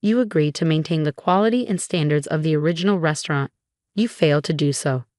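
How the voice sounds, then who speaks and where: Low-voiced woman narrating a drama story. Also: quick pace, no echo, studio quality. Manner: steady storytelling, quoting each character in the same voice. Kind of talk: scripted first-person story narration.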